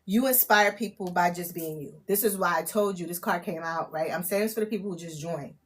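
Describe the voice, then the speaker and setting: A woman giving a live-streamed spiritual reading, excitable and casual, swearing, laughing at herself and often checking in with "okay?". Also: on the low side, brisk, slight background noise. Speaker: spiritual tarot reader. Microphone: phone or camera mic on a live stream.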